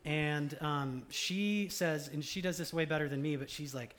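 Pastor, slightly high voice. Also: male voice, moderate pace, hardly any pauses, fairly bright tone. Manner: emphatic repetition of key lines. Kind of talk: conversational sermon. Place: church service.

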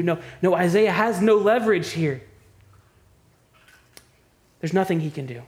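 A man preaching a sermon, moving between hushed, quiet passages and loud, impassioned ones, often restarting his words. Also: high-pitched, animated, a little slow, pauses often. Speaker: pastor.

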